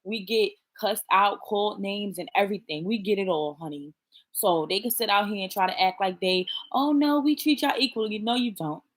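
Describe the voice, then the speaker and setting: A woman's voice: mid-range voice, moderate pace, a bit bright. A woman chatting casually to her viewers, blunt and profane, talking straight to them. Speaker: vlogger. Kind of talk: casual chat to camera.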